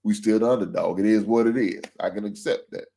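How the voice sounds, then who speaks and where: A man's voice: fairly low pitch, a little fast, creaky, dark tone. A man hosting a livestream sports show, venting with profane, heated talk about his team's loss and calling out viewers directly. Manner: addresses viewers and super chat senders directly.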